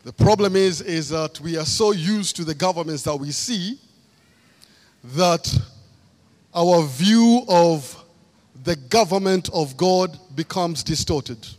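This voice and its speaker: Preaching in a church hall, a Kenyan man with a slightly high, darkish voice drives his message home by repeating key phrases. He speaks slowly, and a long hall reverb rings around his words.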